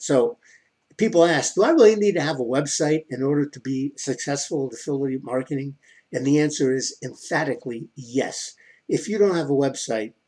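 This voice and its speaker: A middle-aged man with a husky, somewhat raised voice gives an instructional talk on marketing. He talks emphatically and keeps firing rhetorical questions that he then answers himself. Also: a little high, warm tone. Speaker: online marketing coach.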